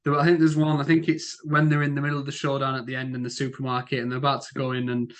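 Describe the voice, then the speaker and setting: A man's voice: medium pitch, completely flat delivery, fast. Chatty young man, filler-heavy. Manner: rambling, lots of "like" and "um" fillers. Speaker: podcast co-host. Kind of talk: casual film-review chat.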